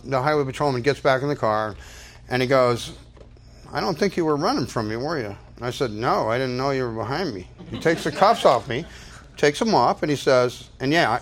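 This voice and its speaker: An older man telling a personal story to an audience, rambling casually with many restarts and fillers. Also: mid-range voice. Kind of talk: casual spoken anecdote.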